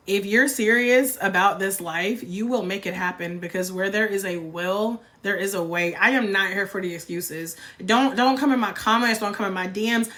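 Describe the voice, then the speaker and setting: Bright-voiced fired-up woman. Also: mid-range voice, normal speed, few pauses. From North Carolina, US. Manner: blunt, fired-up, swears freely, says y'all. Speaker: livestream host. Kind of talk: motivational livestream rant.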